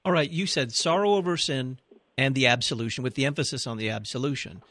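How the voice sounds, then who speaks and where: Radio host guy, measured, asks questions, dry close mic. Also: medium pitch, fairly bright tone, no echo. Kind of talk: radio talk show hosting.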